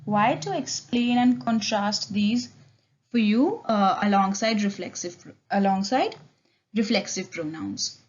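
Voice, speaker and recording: A woman's voice: medium pitch, a little slow. A young woman with an Indian accent teaching an English grammar lecture, explaining step by step and checking in with "okay?". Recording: dull lo-fi recording.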